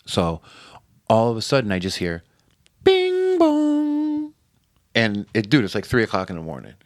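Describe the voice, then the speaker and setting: A man's voice: on the low side, quick pace, no room sound, clean studio sound. A man from Connecticut telling a story as a podcast guest in casual, profane chat. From New Haven, Connecticut.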